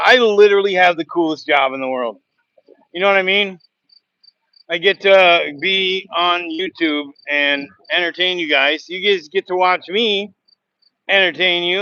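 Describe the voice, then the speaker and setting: Casual sawmill host, male, high bright voice, rambling storyteller, dry muffled sound. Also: no echo. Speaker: sawmill worker and livestream host. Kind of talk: casual livestream chat and joke telling. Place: outdoors at a sawmill.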